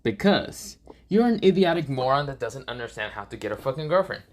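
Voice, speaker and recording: A man's voice: mid-range voice, very animated, fairly quick, lightly acted. A man voicing a cocky, foul-mouthed male sorcerer teacher who boasts and insults casually. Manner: boastful, swearing.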